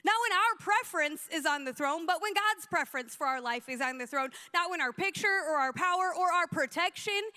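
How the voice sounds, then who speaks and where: A woman pastor telling funny stories in a sermon, animated and acting out the people she quotes. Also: extremely high pitch, a little fast, few pauses. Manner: animated, comic, acts out quotes. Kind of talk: storytelling sermon.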